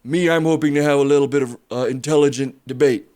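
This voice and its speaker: A man voicing a pompous former small-town mayor who talks in a measured, debate-minded way. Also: mid-range voice, steady tone, darkish tone, clear, resonant tone, natural voice. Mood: prim. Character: prim self-styled reasonable male ex-mayor.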